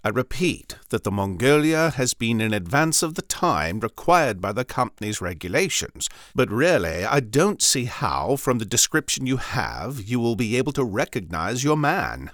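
A man's voice: mid-range voice, sing-song, normal speed, few pauses, a bit bright, no echo, clean studio sound. A man voicing a doubtful, matter-of-fact male consul in a storybook reading, explaining steadily.

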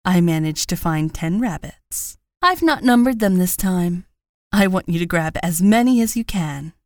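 A woman's voice: fairly low pitch, lively intonation, darkish tone, no room sound. Harsh eager female teacher barking orders at her class, as a woman narrator puts her on; dry audiobook read. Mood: announcing. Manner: brisk, commanding. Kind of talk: audiobook character voice.

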